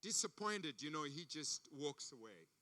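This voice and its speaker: High, animated preacher from Africa. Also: male voice, measured pace. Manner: emphatic storytelling, repeats phrases. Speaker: guest preacher. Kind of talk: sermon. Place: church service.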